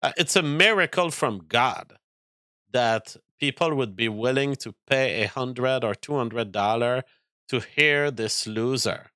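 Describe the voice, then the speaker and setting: A man's voice: mid-range voice, a little slow, pushed and bright, no echo, studio quality. A man streaming, reacting to clips with profane rants. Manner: ranting, profane.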